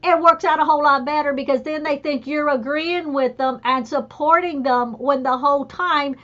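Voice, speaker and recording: A middle-aged woman hosting a casual chat, telling animated stories. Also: high-pitched, normal speed, muffled recording. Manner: chatty, animated storyteller. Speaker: host.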